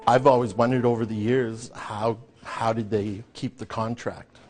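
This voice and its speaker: A man giving an interview, answering hesitantly with pauses as he thinks aloud. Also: mid-range voice, steady tone, a little mellow, soft background music. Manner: hesitant, many fillers and restarts while thinking aloud.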